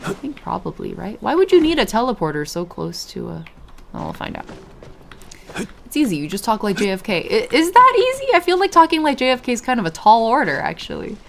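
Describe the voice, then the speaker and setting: A woman's voice: fairly high pitch, huge pitch swings, a little fast, creaky, fairly bright tone, slight background noise. A woman streamer chatting casually while playing a game and answering her chat. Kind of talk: casual gameplay commentary.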